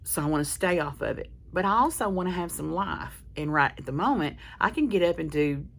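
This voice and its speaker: A woman's voice: on the low side, expressive, fairly quick, gravelly, a little hiss or hum. A woman chatting casually to her viewers, telling a rambling, candid story full of restarts. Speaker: vlogger. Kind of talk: casual chat to camera.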